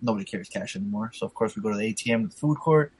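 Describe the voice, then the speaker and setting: A man's voice: on the low side, very fast, a little mellow, breathy edge, dry recording, low-quality recording. A man telling a rambling, profanity-laced story in casual chat, full of fillers.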